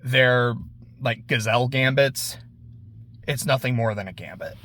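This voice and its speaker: A man's voice: medium pitch, pushed and bright. Casual man recapping an anime. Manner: laid-back, swears, acts out characters in quick voices. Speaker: anime reviewer. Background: lawnmower.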